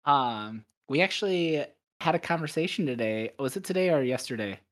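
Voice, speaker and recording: A man's voice: mid-range voice, animated, moderate pace, dry recording. Rambling young man hosting, close dry mic. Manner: rambling, self-correcting, upbeat. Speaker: podcast host. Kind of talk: casual chat.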